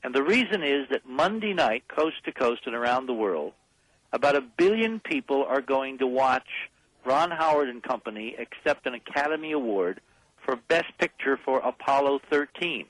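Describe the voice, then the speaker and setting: An emphatic man talking as a guest on a radio call-in show, pressing his points hard. His voice sits at an ordinary middle pitch. The sound is dry and close, with no room around it. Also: animated, normal speed, fairly bright tone, no room sound, rough recording. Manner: emphatic, insistent, rallying listeners. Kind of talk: impassioned radio call-in talk.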